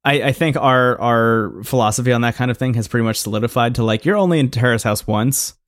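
Brief: male podcast co-host, easygoing, middle pitch, dry close sound, chatty recap full of "like" and "um". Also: fast talker, no echo. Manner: filler-heavy, laid-back, recaps with quoted voices. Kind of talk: casual chat, recapping a show.

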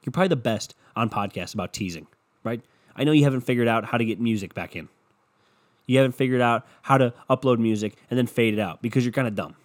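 Jumping from subject to subject, a young man alone on his podcast rants sarcastically and swears freely while sick and tired. His mid-range voice is expressive and fast.

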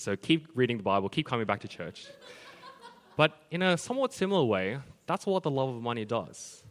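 A man's voice: medium pitch, lively intonation, fairly quick, a bit bright, a little hiss or hum. Guy giving an earnest sermon in a church, long echo off the hall. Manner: earnest, explaining scripture step by step. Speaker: preacher.

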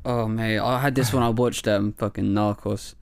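A man's voice: lowish voice, normal speed, gravelly, smooth. A young man co-hosting a podcast, telling stories in casual, sweary banter. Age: young adult. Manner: sweary, excitable storytelling. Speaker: podcast co-host.

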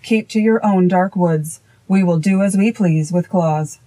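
A woman reading voicing a fierce, arrogant male goblin king with slow, menacing defiance. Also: fairly low pitch, dark tone, low-quality recording. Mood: defiant.

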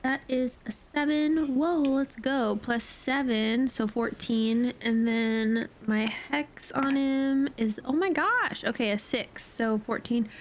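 A woman's voice: high voice, takes it slowly, few pauses, a little hiss or hum. A woman playing a tabletop game, cheerful and thinking aloud as she adds up her dice. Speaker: player.

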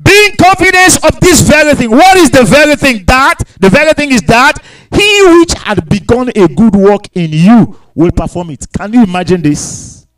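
A man preaching a sermon in a very high, lively voice that swings widely in pitch. He stacks repeated phrases and throws rhetorical questions at his congregation. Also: moderate pace, few pauses, low-quality recording. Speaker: pastor.

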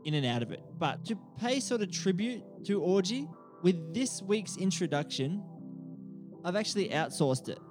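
A man's voice: sits high, very animated, moderate pace, music in the background. An Australian man hosting a casual podcast, joking and chuckling as he reads a text aloud. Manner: jokey, chuckles while reading. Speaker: podcast host.

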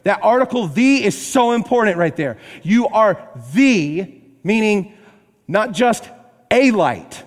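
A man preaching a sermon as pastor, emphatic, swinging between raised and hushed delivery. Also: high-pitched, animated, measured pace, long reverb tail.

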